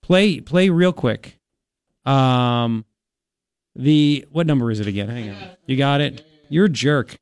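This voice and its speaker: A man hosting a talk radio show, mocking and sarcastic, with animated outbursts. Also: mid-range voice, slow pace, clean tone.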